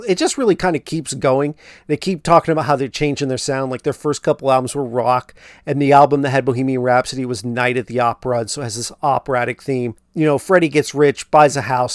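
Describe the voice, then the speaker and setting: A man's voice: medium pitch, no echo, clean studio sound. A man hosting a podcast, casually recapping a film with lots of fillers and asides about what really happened. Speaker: podcast host.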